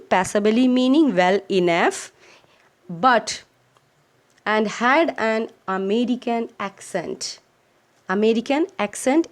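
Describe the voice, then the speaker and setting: A woman teacher with an Indian English accent who reads a textbook chapter aloud and explains it to children, repeating phrases and defining words as she goes. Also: on the high side.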